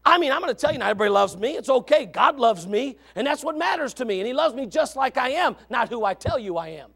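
A male pastor with a high, gravelly voice that leaps up and down in pitch. He swings between quiet, conversational asides and loud, shouted declarations, and he reads scripture aloud in old-fashioned wording. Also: sing-song, fast. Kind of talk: fiery sermon.

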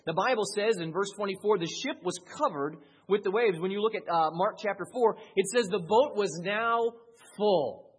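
Male pastor mid-sermon; husky, rises to loud high peaks and drops low and quiet. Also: moderate pace, few pauses.

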